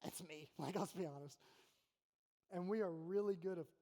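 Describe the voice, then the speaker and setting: A man's voice: high voice, normal speed, dark tone. A male college pastor preaching a sermon in a casual, conversational way, acting out quotes from God and Moses. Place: church auditorium. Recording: long hall reverb.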